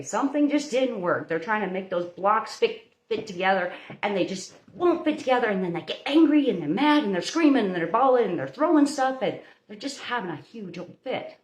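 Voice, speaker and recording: A woman hosting a live baking stream, giving viewers a chatty, motherly pep talk in her home kitchen. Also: mid-range voice. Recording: roomy echo.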